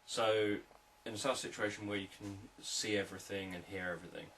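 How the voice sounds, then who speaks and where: A man, a hypnotherapist, explaining sales techniques in a calm, repetitive, unscripted teaching talk. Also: on the low side, brisk, far from the mic, slight background noise, poor audio.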